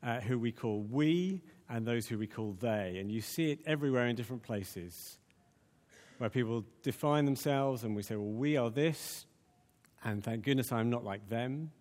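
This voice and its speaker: A man's voice: medium pitch, moderate pace, darkish tone, long reverb tail. A man preaching a conversational sermon, full of fillers and restarts.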